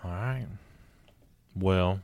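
A man's voice: sits low, extremely slow, creaky, darkish tone, a little hiss or hum. A man co-hosting a podcast in casual chat, laid-back with brief replies. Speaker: podcast co-host.

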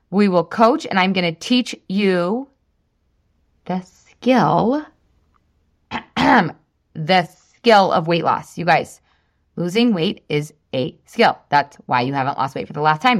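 A woman's voice: lowish voice, animated, normal speed. A woman in her thirties hosting a casual solo podcast, chatty and full of "like", laughing at herself. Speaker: podcast host.

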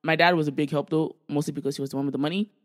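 Animated woman in her twenties telling stories. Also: low-pitched, rapid-fire. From Canada. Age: 20s. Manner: animated storytelling, swearing freely, acting out quoted family members. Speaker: podcast co-host. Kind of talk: casual chat.

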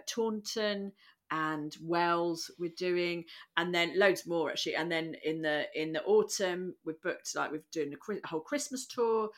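A woman from England, a comedian and podcast guest, chatting in an animated, self-mocking, rambling way. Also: fairly low pitch. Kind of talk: casual interview chat.

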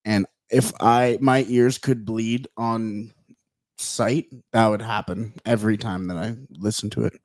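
A man's voice: on the low side, fairly even intonation, unhurried, a little mellow, no room sound. A man co-hosting a podcast in casual chat, laughing often and playful. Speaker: podcast co-host.

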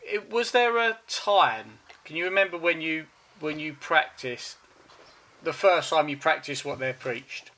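A male interviewer talks in a casual, conversational way. His voice is bright and forceful. His questions wander and restart before they land. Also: a little high. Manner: halting, rambling questions with many restarts.

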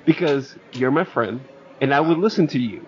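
A man's voice: mid-range voice, lively intonation, normal speed, a little hiss or hum. A man co-hosting a podcast, earnestly making his point in casual chat. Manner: earnest, explains a point with restarts. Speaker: podcast co-host. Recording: dull lo-fi audio.

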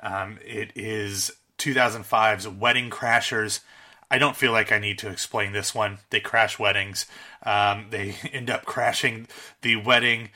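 A man's voice: lowish voice, fairly even intonation, unhurried, bright, forceful tone. A man co-hosting a casual talk show, enthusiastically running through his favorite comedy films. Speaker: podcast co-host.

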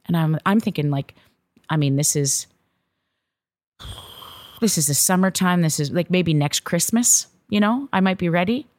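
A woman psychologist telling a personal family story in a candid, swearing, animated way. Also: on the low side, moderate pace, pauses often, dry recording, clean studio sound. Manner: candid, swearing freely, animated when recounting dialogue. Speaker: podcast host, psychologist.

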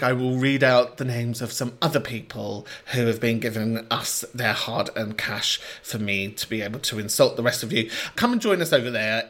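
A man hosting a podcast in a chatty, sweary way, with playful mock outrage. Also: medium pitch. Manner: chatty and animated. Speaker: podcast host. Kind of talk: casual monologue, reading listener messages.

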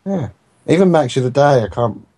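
A man chats casually on a podcast in a plain mid-range voice. He makes deadpan jokes with a dry wit. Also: mid-range voice, moderate pace. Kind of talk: casual chat.

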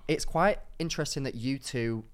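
A man's voice: mid-range voice, moderate pace, clear, resonant tone. A man hosting a podcast in casual chat, chatty and self-mocking, laughing often. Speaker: podcast host.

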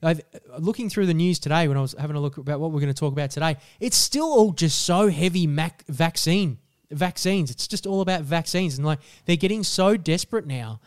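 A young Australian man co-hosting a casual podcast, swearing freely and ranting in an animated way. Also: fairly high pitch, brisk, clean tone, dry recording, clean studio sound. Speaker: podcast co-host.

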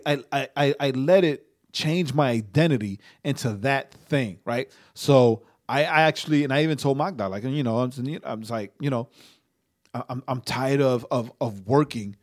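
His pace is moderate and his pitch medium. This young man co-hosts a laid-back faith podcast, where he rambles, stumbles into false starts and keeps tacking "right?" onto what he says.

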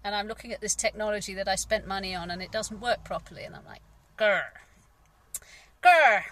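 A woman's voice: medium pitch, steady tone, quick pace, fairly bright tone, low-quality recording. An English woman, a gardener, talking candidly in a rambling vlog monologue, sighing and frustrated. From England. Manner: rambling, candid, frustrated, frequent sighs and fillers.

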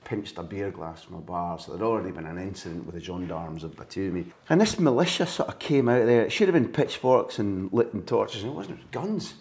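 A man's voice: deep voice, expressive, a little fast, few pauses, darkish tone. A Scottish man hosting a podcast, a football journalist telling rambling, vivid anecdotes. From Scotland. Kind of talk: casual chat.

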